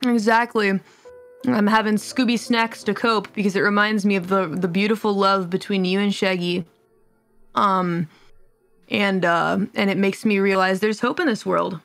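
A woman streamer with a gravelly voice, joking and teasing in deadpan casual chat. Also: mid-range voice, moderate pace, faint music behind.

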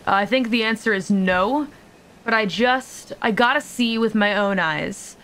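A woman's voice: medium pitch, unhurried, fairly bright tone. A young woman streaming a video game, chatting casually with her audience, joking around and swearing freely. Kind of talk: casual live-stream commentary.

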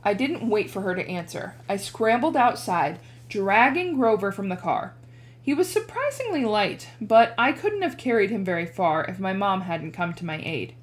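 A woman teacher reading a chapter book aloud with expressive narration. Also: normal speed. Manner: animated, changes pitch for dialogue.

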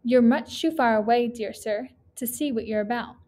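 A big, cunning crocodile with a sly grin, coaxing and smooth-talking, as a woman reading a poem puts him on. The voice sits a little high and is only lightly acted, close to a storyteller's everyday tone. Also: moderate pace, a little mellow, natural voice. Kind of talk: poem read aloud.

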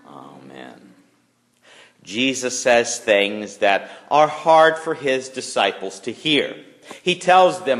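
A man preaching a children's chapel sermon as pastor, animated and playful, putting on voices for the kids. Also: fairly low pitch, takes it slowly. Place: school chapel. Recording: long reverb of a chapel.

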